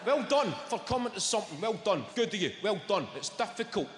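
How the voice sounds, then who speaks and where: A man's voice: high voice, sing-song, a little fast, noisy background. A young Scottish man doing live stand-up on an arena stage, with brash, sweary banter at the crowd. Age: young adult. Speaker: stand-up comedian. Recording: echoey arena with long reverb, loud crowd.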